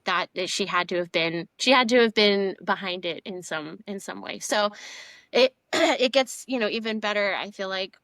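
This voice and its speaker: A young woman from Houston telling a personal story as a podcast guest, animated and full of fillers. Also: mid-range voice, normal speed, no room sound. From Houston, Texas. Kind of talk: casual conversational testimony.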